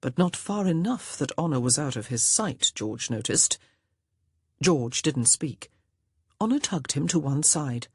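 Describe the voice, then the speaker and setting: A woman reads a historical romance in measured, expressive narration. Her voice is low and husky, with a lively, animated range. It sounds close and dry, with no room around it. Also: no room sound. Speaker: audiobook narrator. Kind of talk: scripted narration of a romance novel.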